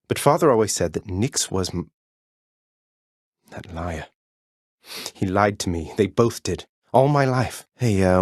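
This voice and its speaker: An actor playing a young prince of the underworld in a video game, polite, earnest and a little sardonic. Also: male voice, sits low, no echo, studio quality, heavily acted. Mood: shaken. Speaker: game protagonist. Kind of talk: game voice lines.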